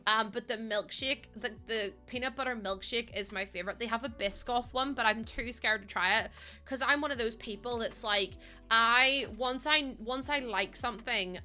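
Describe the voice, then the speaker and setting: A woman's voice: a little high, sharp tone. A woman in her late twenties, chatting casually and rambling while she streams a game, laughing often. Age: late 20s.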